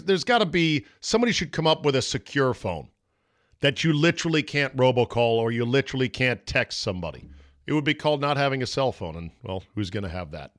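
A man's voice: medium pitch, a bit bright, no room sound, studio quality. Blunt, profane man hosting a podcast. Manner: blunt, profane, sarcastic, mocking voices in quotes. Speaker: podcast host. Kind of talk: opinionated sports talk monologue.

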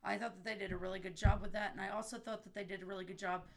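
A woman co-hosting a podcast, speaking in a measured, thoughtful way with some restarts. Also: medium pitch, flat delivery. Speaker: podcast co-host. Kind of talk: casual chat.

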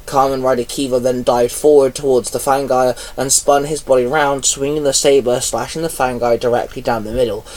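A man reading his own action story aloud at an unhurried pace, now and then pausing on a stumble. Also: mid-range voice, fairly even intonation, a little mellow. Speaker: fan fiction reader. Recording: voice a bit far from mic.

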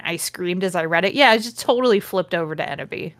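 A woman's voice: on the low side, fast, a bit bright, dry recording, studio quality. Sarcastic woman podcaster reading aloud. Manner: sarcastic, swears freely, mocks the text. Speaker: podcast host. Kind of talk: comedic dramatic reading with commentary.

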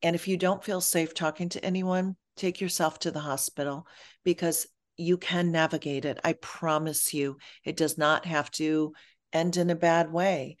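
A woman's voice: deep voice, little pitch movement, moderate pace. A woman guest on an interview podcast who speaks earnestly and reassuringly about motherhood and mental health. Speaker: guest, perinatal mood expert.

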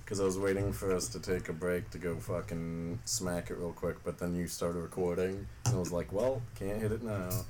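A man's voice: sits low, fairly even intonation, moderate pace, few pauses, darkish tone, slight background noise. A young man chatting casually on a podcast, laid-back and swearing casually. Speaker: podcast co-host.

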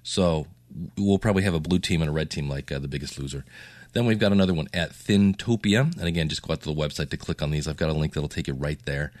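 A man hosting a casual solo podcast update with a low morning voice, rambling and chatty. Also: quick pace, darkish tone, no room sound. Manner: rambling, chatty, with fillers and self-asides. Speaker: podcast host.

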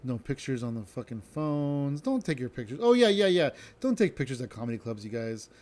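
Man, mellow warm voice, rambling storyteller, casual podcast host, swears a lot. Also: mid-range voice, lively intonation, fairly quick. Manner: rambling, self-interrupting, swearing.

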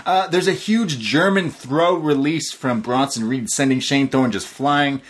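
A man co-hosting a wrestling podcast, excitably recapping matches play by play in casual slang. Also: medium pitch, unhurried. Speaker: podcast co-host.

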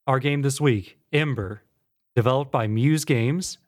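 A man's voice: medium pitch, measured pace, music in the background. A man hosting a podcast in casual chat, telling stories in an easygoing way and moving the show between segments. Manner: easygoing storyteller, runs the segments. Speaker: podcast host.

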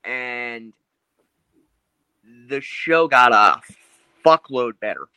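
A man's voice: medium pitch, lively intonation, drawn-out words, bright, forceful tone, clear, resonant tone, dry recording. A man in a casual podcast chat, reminiscing with enthusiasm. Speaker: podcast co-host or guest.

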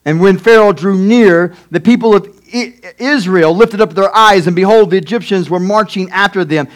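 A pastor reading scripture and preaching a sermon, emphatic and acting out the people in the story. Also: male voice, high voice, normal speed. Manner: acts out characters in quotes, emphatic.

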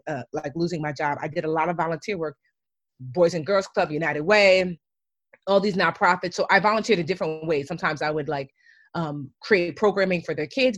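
Woman in her 30s, podcast guest, animated storyteller, casual slang, dry close sound. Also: fairly low pitch, no echo. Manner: animated, says "like" and "yo" a lot, acts out her own past lines.

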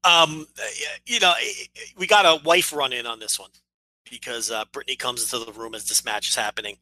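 A man's voice: medium pitch, a little fast, pushed and bright, rough recording. A man co-hosting a wrestling podcast, telling stories with wry exasperation in casual chat. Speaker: podcast co-host.

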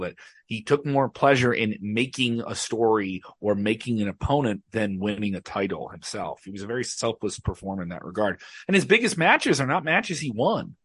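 A man's voice: fairly low pitch, fairly bright tone, husky, no echo. Male podcast guest, emphatic and passionate, close dry mic. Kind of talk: casual podcast chat.

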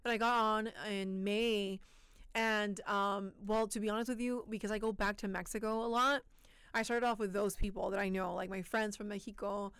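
A woman's voice: mid-range voice, normal speed, smooth, no room sound. A young woman with a Spanish accent, a student news anchor, chatting animatedly as an interview guest. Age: young adult. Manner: lively, chatty, animated quoting of herself. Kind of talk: casual interview chat.

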